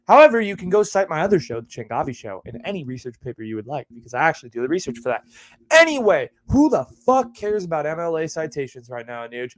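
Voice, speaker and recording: A man's voice: fairly high pitch, sing-song, quick pace, no echo, rough recording. A young man hosting his own podcast, rambling in a casual monologue with plenty of swearing and joking asides. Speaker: podcast host. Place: home recording setup with a ring light.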